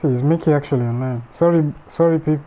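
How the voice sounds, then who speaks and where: A man's voice: on the high side, quick pace, highs cut off. A man hosting a casual livestream alone, thinking aloud in a rambling way with frequent restarts. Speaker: livestream host. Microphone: streaming microphone.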